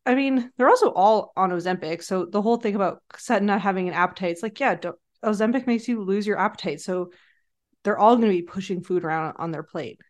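A woman's voice: medium pitch, quick pace. Heated, chatty woman podcast co-host. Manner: animated, heated recapping with quoted impressions. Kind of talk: casual chat.

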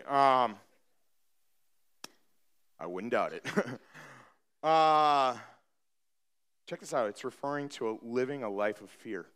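A man preaching a sermon as pastor, talking conversationally with humor and building to emphatic, animated preaching. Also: medium pitch, takes it slowly, long pauses. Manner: conversational with self-deprecating humor.

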